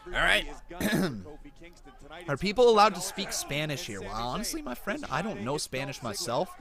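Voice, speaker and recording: A young man from Canada hosting a live stream, chatting casually with viewers and breaking into loud excited shouts. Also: fairly high pitch, unhurried, crowd noise. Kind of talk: live-stream reaction chat.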